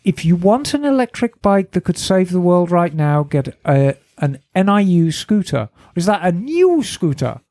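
A woman's voice: fairly low pitch, dark tone, dry recording. Dry-voiced woman reading an email aloud. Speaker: podcast co-host. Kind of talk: casual motorcycle podcast chat. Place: garage studio.

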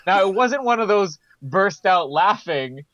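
A man's voice: high voice, expressive, unhurried, a bit bright, lo-fi sound. A man co-hosting a podcast in casual chat, telling stories animatedly and laughing often. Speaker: podcast co-host.

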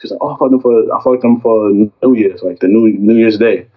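A young man casually telling a story about a fight with a girlfriend, acting out both sides with lively quoted lines. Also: fairly low pitch, fairly quick, lo-fi sound, crowd noise. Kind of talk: casual chat.

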